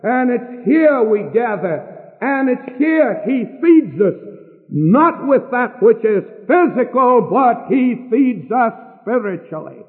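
An older man preaching a sermon from a church pulpit with earnest, emphatic pauses. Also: very high-pitched, big pitch swings. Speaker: pastor. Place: church sanctuary. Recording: distant hall on a tinny lo-fi recording.

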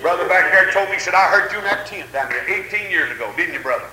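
A man's voice: sits high, animated, quick pace, roomy sound, crowd noise, poor audio. An older man preaching a revival sermon in a church, telling folksy stories and breaking in with fervent amens.

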